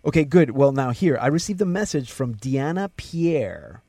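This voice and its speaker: Mellow-voiced male radio host. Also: mid-range voice, very animated, no room sound. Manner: conversational, reads listener prayers slowly. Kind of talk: casual radio chat. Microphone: studio microphone.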